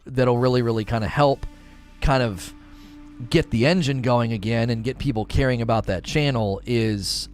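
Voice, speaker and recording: A man in his thirties chatting casually on a live stream as the streamer, rambling with many fillers and restarts. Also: medium pitch.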